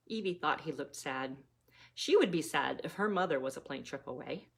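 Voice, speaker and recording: A woman reading her own novella aloud, gently, like a mother reading a story to her children. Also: low-pitched, lively intonation, normal speed, gravelly, slightly rough.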